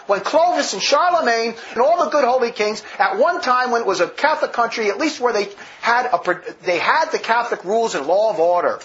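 A man's voice: very high voice, animated, fairly quick, few pauses, a bit bright, slight background noise. A man preaching a sermon full of stories, vehement and rambling, with many restarts, on a dull lo-fi recording.

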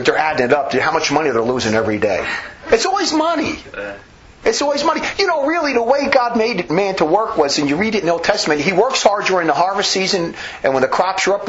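A fired-up man preaching a sermon, his voice swinging high and low as he presses each point. He talks in emphatic, rambling bursts full of restarts. The recording sounds dull and lo-fi. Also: a bit bright. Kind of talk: impassioned sermon.

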